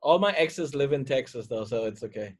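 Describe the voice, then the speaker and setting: A man's voice: medium pitch, lively intonation, brisk, slightly rough. Rambling, swearing podcast co-host man. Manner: rambling, joking, swears freely. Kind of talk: casual chat.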